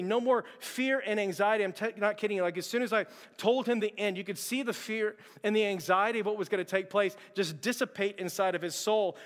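High-voiced preacher in a reverberant hall. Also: male voice, a bit bright. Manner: earnest, repeats words, addresses the church directly. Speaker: pastor. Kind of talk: sermon. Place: church sanctuary.

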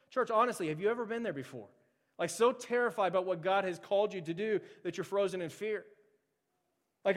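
A man preaching a casual, animated sermon to his church, acting out frightened figures in the story. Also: sits high, quick pace. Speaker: pastor. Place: church sanctuary. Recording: long hall reverb.

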